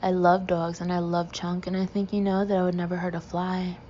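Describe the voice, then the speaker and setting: A woman voicing a gay Texan man, a doting dog lover who gushes earnestly in a deep twang. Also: little pitch movement, fairly quick, warm tone, lo-fi sound, a little hiss or hum, lightly acted. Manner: gushing, earnest.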